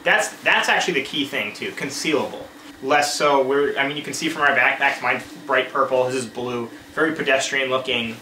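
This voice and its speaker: A man's voice: mid-range voice, brisk, sharp tone. A man co-hosting a survival gear video, rambling in casual banter and often restarting his sentences. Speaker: co-host of a survival gear channel. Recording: roomy echo with faint noise.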